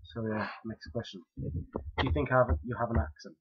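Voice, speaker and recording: A young Welsh man, an audio blogger, rambles casually through questions in an audio post, hesitant and full of fillers. His mid-range voice is steady, fairly quick and a bit breathy, captured in a dull lo-fi home recording.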